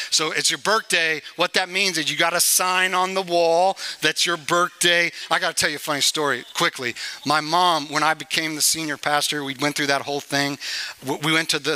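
A man's voice: on the high side, sharp tone, low-quality recording. A man in his forties, a senior pastor, preaching a sermon and telling a family story, acting out pleading voices along the way.

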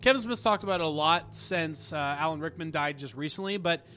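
A man with a high voice chats eagerly about movies, rambling and restarting as thoughts come to him. A faint hum of room ambience sits underneath. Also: brisk, pushed and bright. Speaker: podcast co-host. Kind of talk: casual chat.

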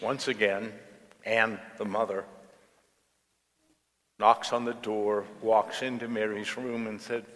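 A male pastor preaching a sermon in a church, telling stories in a slow, storytelling way. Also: fairly low pitch, little pitch movement, a bit bright. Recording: long reverb of a church hall.

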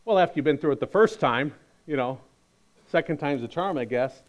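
A man's voice: on the high side, fairly quick, muffled recording. Man preaching in a conversational storytelling way. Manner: conversational storytelling preaching, shifts between lively and quiet. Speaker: pastor. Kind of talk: sermon.

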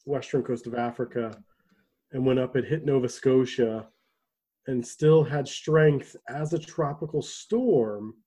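A man co-hosting a casual podcast chat, rambling with restarts and throat clearing. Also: mid-range voice, warm tone. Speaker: podcast co-host.

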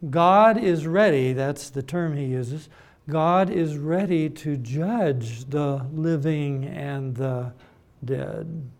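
Male preacher, unhurried, emphatic sermon delivery, a touch high-pitched. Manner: deliberate, emphatic, with repeated words and mimicked voices.

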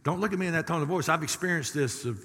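A middle-aged man, preaching a sermon as a pastor, lively and folksy, with sudden loud rises. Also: fairly high pitch, fast. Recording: reverberant church hall.

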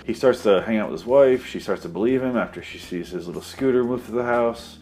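A man's voice: lowish voice, fairly quick, darkish tone. A man giving a sarcastic, profane, rambling comedic recap of a movie plot.

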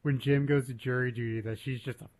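A man's voice: mid-range voice, steady tone, fast talker, darkish tone. A married man co-hosting a podcast, chatting and asking curious questions about a TV episode. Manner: chatty, curious, often laughs. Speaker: podcast co-host. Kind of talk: casual chat recapping a TV episode.

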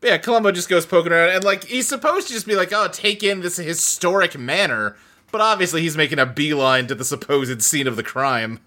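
A man's voice: fairly high pitch, a little fast, pushed and bright. A man co-hosting a casual podcast chat, laughing often and slipping into mock British accents. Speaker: podcast co-host.

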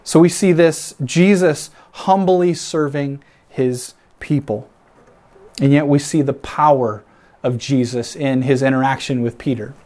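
A pastor preaching a sermon in an earnest, reflective way, building emphasis by repeating phrases. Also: male voice, mid-range voice, a little slow, darkish tone. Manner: reflective, imagines himself in the scene.

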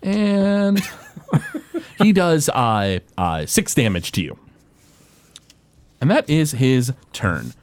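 A man's voice: on the high side, huge pitch swings, extremely slow, long pauses, darkish tone, no echo. Chuckling man running a tabletop game. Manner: loose and chuckling, full of hesitations. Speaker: game master.

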